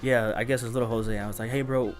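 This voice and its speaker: A man guesting on an interview, telling DJ stories in relaxed, slangy casual chat with frequent laughs. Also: mid-range voice, fast talker, faint music behind. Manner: laid-back storytelling, says "dude" and "bro" a lot, laughs often.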